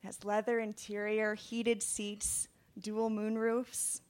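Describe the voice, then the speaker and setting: A young woman in her twenties telling a personal story to an audience, lively, dropping into hushed whispered asides. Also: mid-range voice, takes it slowly.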